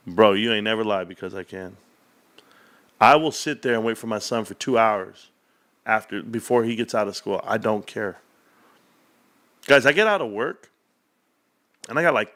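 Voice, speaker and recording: A middle-aged man with a low, gravelly voice talks loosely to his stream audience. He rambles from one thought to the next and keeps calling the viewers bro. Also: moderate pace, pauses often, a bit bright. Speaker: stock market YouTuber. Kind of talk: casual livestream chat.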